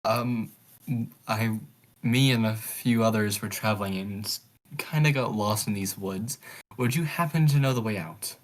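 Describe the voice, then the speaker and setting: A man's voice: on the low side, a little slow, rough recording. A man playing a tabletop game over a call, polite and curious, asking questions. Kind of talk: casual chat.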